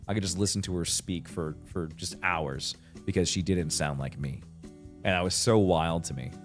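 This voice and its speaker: Man, 30s, livestream host, low voice, casual rambling chat, faint background music. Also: normal speed. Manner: rambling, many fillers and restarts, laughs often.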